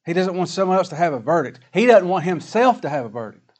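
A man delivers a sermon in a folksy, plain-spoken way, firing off rhetorical questions at his listeners. His voice sits a little high for a man. When he reads scripture he slows right down and leans on each word. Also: big pitch swings, darkish tone. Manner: folksy preaching, rhetorical questions, slow emphatic scripture reading. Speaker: pastor.

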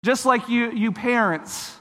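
A man's voice: very high voice, slow pace, bright, forceful tone, in a large hall. A man preaching a sermon, earnest and explanatory, slipping into short voiced asides.

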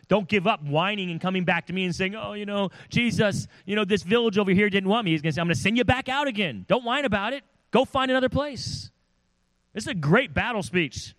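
A male pastor preaching a sermon in a church, animated, acting out the voices he quotes. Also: mid-range voice, no room sound, poor audio.

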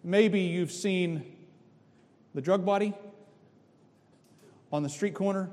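A middle-aged male pastor delivering a sermon, emphatic, with sudden swings between loud and soft. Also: high-pitched, takes it slowly, long pauses. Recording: long reverb of a large hall.

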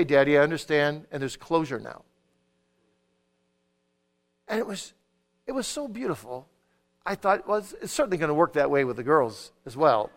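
A middle-aged man giving an earnest sermon-style talk on parenting, swinging between emphatic preaching and quiet storytelling. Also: mid-range voice. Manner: quotes scripture with measured emphasis. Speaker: conference speaker on parenting.

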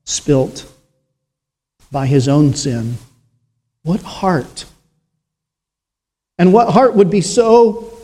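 A man preaching a sermon in a slow, solemn way, with dramatic pauses and rising emphasis. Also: fairly high pitch, mellow.

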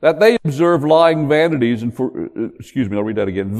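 An older man preaching a sermon, telling the story in an animated way and joking with the congregation. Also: a little high, fairly quick, hardly any pauses. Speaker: pastor. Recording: long hall reverb.

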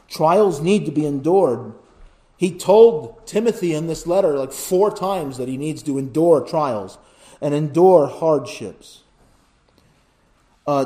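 A man preaching a sermon as pastor, building to loud emphatic repetitions, then dropping to quiet pleading, and often asking his listeners "right?". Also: fairly high pitch. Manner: asks the congregation "right?".

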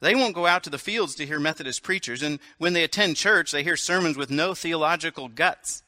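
A man's voice: on the high side, a little fast, bright, forceful tone, no echo. A man reading aloud as a blunt, passionate aristocratic noblewoman, a widow, speaking fervently and emphatically. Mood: determined.

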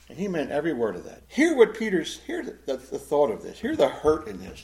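Man, Bible study teacher: animated, conversational, fairly high voice. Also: brisk, few pauses. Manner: animated, acts out quotes.

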